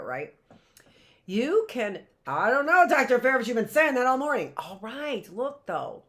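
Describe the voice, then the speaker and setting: A middle-aged woman teaching an early reading lesson, chatty and direct, sounding out words slowly. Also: deep voice. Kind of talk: online classroom lesson.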